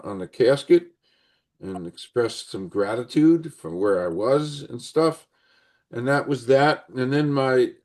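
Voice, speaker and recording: An older man hosts a conversation and slips into a long, earnest personal story, circling back and repeating himself as he goes. His voice sits a little low. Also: darkish tone. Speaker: podcast host.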